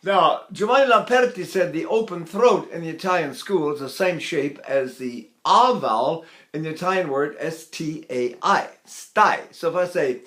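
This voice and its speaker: A man's voice: fairly high pitch, lively intonation, normal speed, fairly bright tone. An older man teaching voice with enthusiasm, breaking into sung vowel staccatos and breath demonstrations. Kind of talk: vocal lesson with sung demonstrations.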